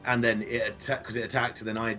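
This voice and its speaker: A man's voice: mid-range voice, level tone, fast, bright, forceful tone, faint music behind. A man playing a tabletop game over a voice call, trailing off and correcting himself as he questions the rules. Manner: unsure, self-correcting, trails off. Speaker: player. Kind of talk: casual tabletop game chat. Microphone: voice chat call.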